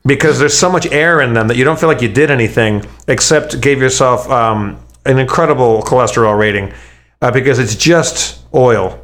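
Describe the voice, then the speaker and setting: A man's voice: medium pitch, a little fast, a bit bright. A man in casual chat, rambling with many restarts and swearing freely as he tells food stories.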